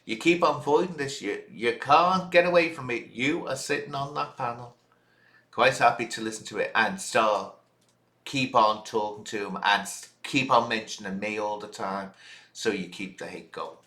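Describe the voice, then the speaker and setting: A man's voice: mid-range voice, normal speed, bright, forceful tone, reverberant. A man hosting a reaction video, scolding his critics in an indignant, direct rant. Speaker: channel host.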